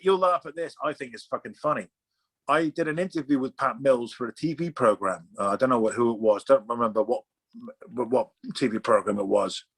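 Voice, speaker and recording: A man's voice: mid-range voice, creaky, no room sound. Guest artist: middle-aged man, sweary and rambling, restarts mid-sentence, on a dry video-call mic. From Oxfordshire, England. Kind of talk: casual interview chat.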